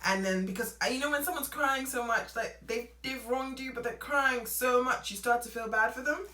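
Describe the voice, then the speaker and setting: A young adult woman vlogging a casual storytime, animated and laughing as she acts out what people said. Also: a little high, normal speed. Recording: roomy echo, away from mic.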